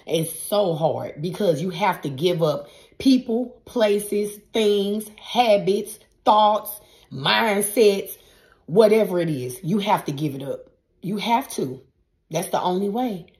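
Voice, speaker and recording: A woman tarot reader gives her viewers a spiritual pep talk, calling them y'all in a casual, emphatic, repetitive way with a preacher-like cadence. Her voice is medium in pitch, slow, and darkish in tone.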